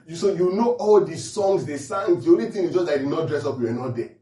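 A man's voice: a little high, fairly quick, hardly any pauses, roomy sound, distant mic, rough recording. A man preaching a humorous sermon, laughing often and checking in with his listeners. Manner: animated, laughing often, asks the audience questions.

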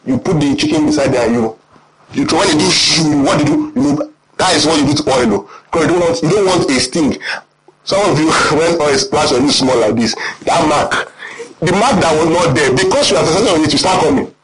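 Nigerian-accented male preacher, fairly high, swooping delivery; keeps checking the flock follows. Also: brisk, crowd noise, poor audio. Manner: animated, quizzing the congregation. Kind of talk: sermon.

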